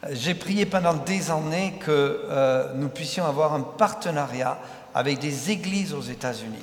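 An older man from France with a French accent, a visiting pastor preaching in short measured phrases with hesitant pauses for an interpreter. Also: on the high side. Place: church sanctuary. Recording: echoey church hall.

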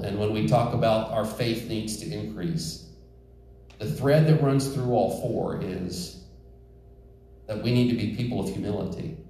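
Preaching a sermon in a church sanctuary, a man from the rural United States speaks with a fairly low, gravelly, dark-toned voice. He's earnest and emphatic, tossing joking asides to the congregation, captured by a distant mic in an echoey church hall.

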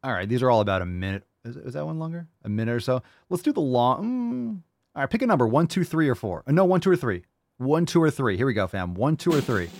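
A man's voice: mid-range voice, big pitch swings, fast talker, darkish tone, no echo, studio quality. A man hosting a livestream show, reacting to clips in a blunt, mocking, sarcastic way. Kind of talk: casual reaction commentary.

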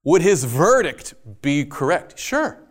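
A man preaching a sermon, telling a story with lively jokey asides. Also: on the high side, slow.

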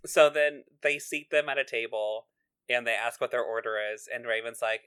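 A woman's voice: extremely low pitch, steady tone, normal speed, fairly bright tone, clean tone. A woman co-hosting a casual podcast, laughing often as she retells scenes from a TV episode. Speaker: podcast co-host. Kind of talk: casual chat recapping a TV episode.

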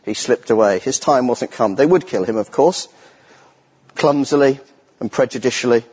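Husky, higher-voiced preacher man in an echoey hall. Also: moderate pace, a little mellow. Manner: earnest, emphatic, repeats key phrases. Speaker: lay preacher. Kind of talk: sermon. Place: church. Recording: echoey church hall with long reverb.

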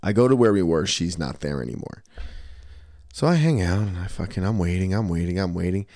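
A man's voice: sits low, fairly quick, no room sound, studio quality. A man in his thirties hosting a podcast, telling a story with lots of swearing and acted-out quotes. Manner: animated, profane storyteller who acts out quotes. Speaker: podcast host. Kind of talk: casual storytelling.

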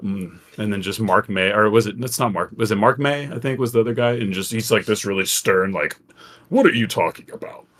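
A man with a fairly low voice trades casual sports talk on a podcast. He swears freely and jumps between thoughts in quick, restarting bursts. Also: a bit bright. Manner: loose, profane, talks in quick bursts with restarts. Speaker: podcast co-host.

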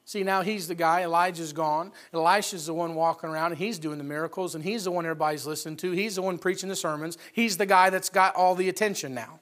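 A man preaching a sermon in a folksy, conversational way, retelling stories with lively acted-out voices. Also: high voice, quick pace, few pauses. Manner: animated storytelling, acting out characters' voices.

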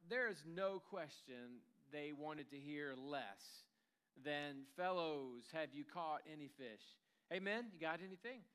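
Smooth-voiced man preaching conversationally. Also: on the high side, a bit bright. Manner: conversational storytelling, acting out quotes. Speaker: pastor. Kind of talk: sermon. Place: church.

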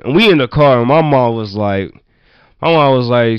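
A man from Virginia telling childhood stories in casual chat, loose and profane, full of "like" and quick laughs. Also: mid-range voice, clear, resonant tone, no echo, lo-fi sound. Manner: loose, profane, laughing anecdotes with many "like" fillers. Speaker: storyteller.

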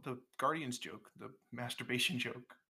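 A man hosting a casual comedy podcast. He talks loosely, swears freely and laughs readily. His voice sits at a middle pitch with a bright tone. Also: normal speed, gravelly, husky. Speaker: podcast host.

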